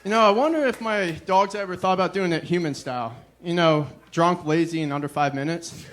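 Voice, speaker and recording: Deadpan young man doing stand-up. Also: high voice, fairly quick. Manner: deadpan, self-deprecating, sighs "ugh" between jokes. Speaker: stand-up comedian. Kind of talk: stand-up comedy set.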